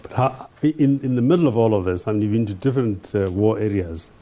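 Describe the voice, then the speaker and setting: A man's voice: on the low side, fairly quick, warm tone. A man hosting an interview, asking questions with hesitant, stumbling restarts. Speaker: interviewer host.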